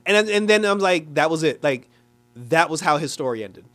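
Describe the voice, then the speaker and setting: A man giving a casual, animated review of a TV episode, talking loosely with lots of "like" and quick laughs. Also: a little high. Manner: animated, chatty, frequent "like" and laughs; acts out characters in exaggerated quoted voices. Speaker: TV show reviewer.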